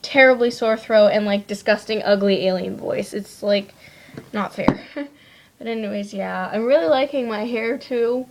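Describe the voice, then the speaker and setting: Teen girl vlogging, gravelly fry in her voice, rambly with tons of likes and ums, taking off makeup as she talks. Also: mid-range voice, moderate pace, slight background noise. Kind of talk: casual chat to camera.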